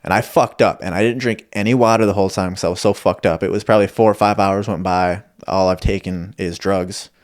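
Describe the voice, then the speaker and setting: A man's voice: deep voice, steady tone, fairly quick, hardly any pauses. A young man from Michigan hosting a podcast, telling stories in a profane, rambling, self-deprecating way. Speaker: podcast host. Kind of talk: casual storytelling monologue.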